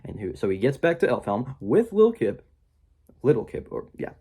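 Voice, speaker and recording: Rambling young man with lively pitch. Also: moderate pace, breathy edge. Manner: rambling, filler-heavy, with mocking quoted voices. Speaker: movie reviewer. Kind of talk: casual spoken movie review.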